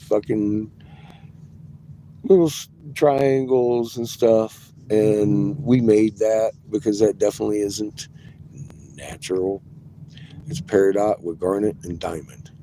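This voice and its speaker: A man rambling excitedly in a casual vlog, swearing often and laughing as he talks. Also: fairly low pitch, takes it slowly. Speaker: vlogger. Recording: noisy, with vehicle ambience.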